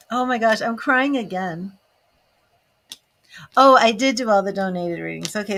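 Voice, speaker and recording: With slight background noise, a woman whose voice is a little high and fairly bright does live tarot readings. A tarot reader and psychic, she reads viewers' questions, turns cards, and talks to people by name in a slow, chatty, emotional way.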